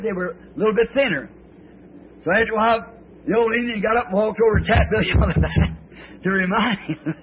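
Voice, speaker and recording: A middle-aged male preacher in a sermon, telling folksy stories in a rambling, drawn-out way. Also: high-pitched, slightly rough. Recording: tinny, lo-fi old sermon tape.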